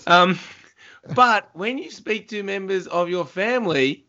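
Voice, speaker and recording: Male host, slightly high voice, slow and deliberate, dull lo-fi sound, playful teasing. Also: sharp tone. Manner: teasing, giggles at own facts. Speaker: podcast host. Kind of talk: casual chat.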